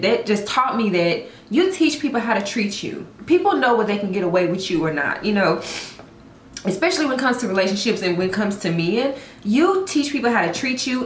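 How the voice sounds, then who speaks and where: A woman's voice: medium pitch, slight background noise. Earnest woman vlogging, roomy sound. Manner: earnest, encouraging, conversational with emphatic repetition. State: tearful at times. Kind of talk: heartfelt storytime vlog.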